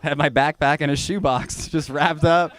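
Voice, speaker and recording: A man's voice: on the high side, steady tone, moderate pace, a bit bright. A young man from Georgia doing a rambling, profane stand-up set in a small venue. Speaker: stand-up comedian.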